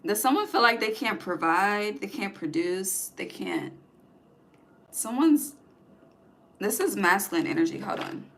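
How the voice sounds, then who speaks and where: A woman's voice: medium pitch, normal speed, hardly any pauses, fairly bright tone. A woman giving a casual tarot reading, blunt and profane, often ending her points with "okay?". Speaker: tarot reader.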